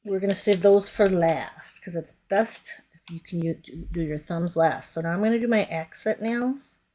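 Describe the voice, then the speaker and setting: Woman, nail tutorial, slightly lower voice, chatty, self-correcting, talks through her work. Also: moderate pace, dark tone, slight background noise. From United States. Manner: chatty, narrates her hands as she works; often trails off and self-corrects. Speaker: nail product stylist. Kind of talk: casual nail tutorial demo.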